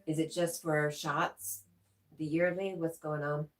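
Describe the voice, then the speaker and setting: A woman's voice: low voice, flat delivery, takes it slowly. A middle-aged woman hosting a casual livestream, chatting and answering viewer comments with giggly asides. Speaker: livestream host.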